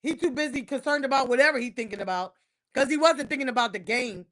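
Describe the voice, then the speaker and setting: A woman ranting about her football team on a casual livestream, heated and emphatic, repeating herself and breaking into loud outbursts. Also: sits high, fast. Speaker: livestream host. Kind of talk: casual sports rant on a livestream.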